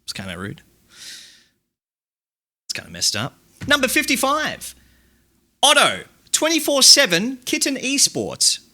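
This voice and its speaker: A man's voice: very high-pitched, wildly swooping pitch, a little slow, long pauses, pushed and bright. A man hosting a live stream, reading out chat quotes and reacting with dry asides and laughter. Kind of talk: casual live-stream commentary.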